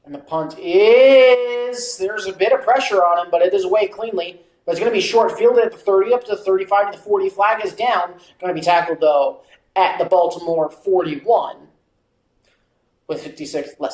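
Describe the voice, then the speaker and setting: A watchalong streamer calling the game play by play, stretching out calls and drifting into casual asides, on a mic that peaks on loud moments. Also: medium pitch, moderate pace, roomy sound, poor audio. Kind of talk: amateur play-by-play commentary.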